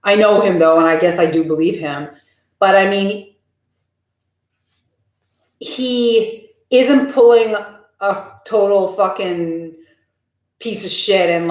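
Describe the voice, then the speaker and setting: A woman live streaming casually, talking candidly and answering viewer comments from a room at home. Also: on the low side. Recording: roomy echo.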